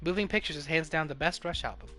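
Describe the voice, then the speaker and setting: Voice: mid-range voice, fast talker, fairly bright tone. A streamer reads a dating game aloud on a live stream and chats with viewers in between. The delivery is casual and playful. Video game music plays behind the voice. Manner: chatty, playful. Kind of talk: live game let's-play narration.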